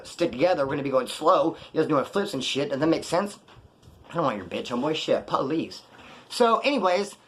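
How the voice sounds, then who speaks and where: A young man telling a story in a casual monologue, full of slang and swearing, acting out what people said. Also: medium pitch. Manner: profane slangy street talk, animated retelling. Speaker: vlogger telling prison and post-release stories.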